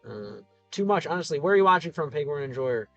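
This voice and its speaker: A man's voice: fairly high pitch, big pitch swings, fast talker, fairly bright tone, dry recording, dull audio, faint music behind. A man casually chatting on a livestream, reading out viewer comments and answering them with lots of fillers and restarts. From Ohio. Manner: chatty, thinks aloud with many fillers and restarts. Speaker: streamer.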